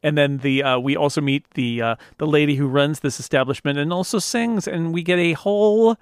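A man's voice: fairly high pitch, a little fast, clean tone, no room sound, clean studio sound. A man hosting a podcast, reading an ad and chatting casually about a film. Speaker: podcast host. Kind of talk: casual film discussion and read ad.

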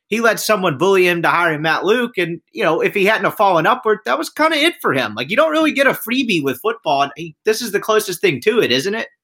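A man co-hosting a sports podcast, chatting casually and lively and firing off pointed questions. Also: sits high, slightly rough. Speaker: podcast co-host.

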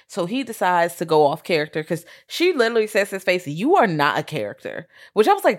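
A woman co-hosting a podcast in casual chat, animated and swearing freely, acting out quotes, with a Southern US accent. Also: fairly low pitch, a little fast, few pauses. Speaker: podcast co-host.

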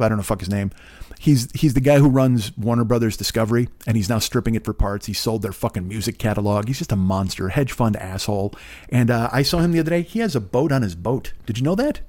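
A man in his fifties hosting a podcast, rambling in a casual, profane monologue with sarcastic asides and a smooth voice. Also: medium pitch, a little mellow. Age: 50s. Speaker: podcast host.

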